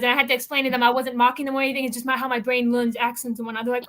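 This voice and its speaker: A woman co-hosting a casual podcast chat, talking in quick, chatty asides. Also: high-pitched, level tone, fairly bright tone. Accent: non-local accent that others remark on. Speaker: co-host.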